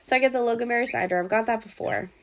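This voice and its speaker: Speaking very fast in a voice on the high side, a young woman from the US Pacific Northwest tells a podcast host about a bad date. She's a guest on the show, and her casual storytelling rambles along, full of fillers and swearing.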